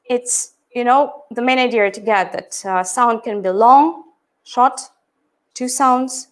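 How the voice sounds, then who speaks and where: Speaking slowly in a slightly high voice, a middle-aged woman who teaches English describes her approach to pronunciation. She keeps checking in with her listener through "yeah?" and "right?".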